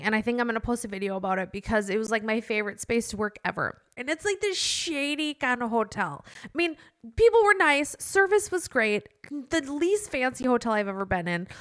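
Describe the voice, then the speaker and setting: A woman hosting a podcast, telling a personal faith story in an animated, chatty way that turns emotional at times. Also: fairly high pitch. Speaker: podcast host.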